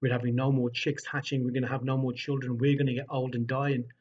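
A man's voice: mid-range voice, little pitch movement, quick pace, a little mellow, breathy edge, muffled recording, lightly acted. A man voicing a worried flock of birds in a told story, anxious and urgent.

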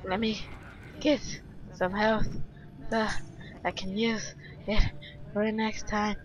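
A young woman doing let's play commentary, loud and profane, screaming at jump scares and trash-talking enemies. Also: medium pitch, little pitch movement, slow, highs cut off. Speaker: gaming channel host.

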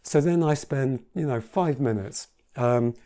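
A man's voice: medium pitch, measured pace, mellow. A man teaching piano in a casual tutorial, chatty and reassuring as he demonstrates at the keyboard. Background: piano playing.

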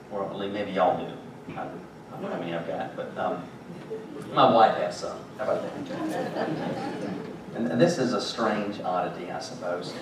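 A pastor preaches to his congregation, telling stories and joking dryly between points. His voice booms around a very echoey sanctuary, picked up from a distance with steady background noise. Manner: conversational, joking storytelling preacher. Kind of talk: sermon. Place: church sanctuary.

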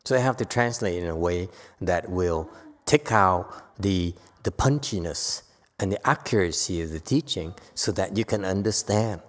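A woman giving a Buddhist Dharma lecture to a live audience. She is emphatic and playful, swinging from quiet asides to loud outbursts. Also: very deep voice, animated, moderate pace. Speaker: Buddhist teacher. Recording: echoey hall with long reverb.

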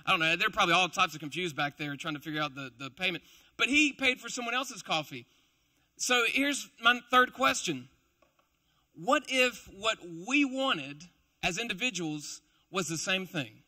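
A young man, a preacher who also teaches school, delivers a casual, joking sermon to a live congregation. His high-pitched voice is animated, pushed and bright at a moderate pace, and he's chatty and playful, tossing in self-deprecating asides.

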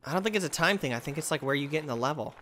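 A man giving excited gameplay commentary, yelping, exclaiming and trash-talking as he plays. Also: a little high, very fast, background noise. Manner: excitable, yelps and exclaims loudly; trash-talks the game. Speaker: gamer.

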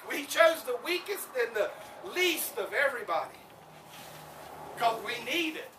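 Man, preacher, animated sermon, shouting, echoey, distant from mic. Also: very high voice, normal speed, slight background noise. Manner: animated, shouting, acts out voices. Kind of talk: street sermon.

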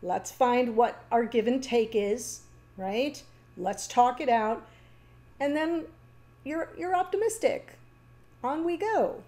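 A woman giving a casual, chatty tarot reading, talking warmly to the viewer with fillers and small laughs. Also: on the high side, slow, long pauses. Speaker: tarot reader.

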